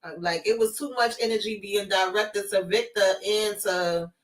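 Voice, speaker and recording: A woman co-hosting a casual TV recap, emphatic and quick to laugh, with frequent mm-hmms. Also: medium pitch, fairly even intonation, roomy sound, recorded from a distance, low-quality recording. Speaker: co-host.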